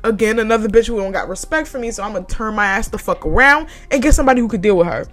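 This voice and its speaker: A young woman with a fairly high voice tells a storytime rant, swearing freely and getting heated. Her delivery is casual and animated, and faint music plays quietly behind her. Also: racing. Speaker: former retail worker telling her story.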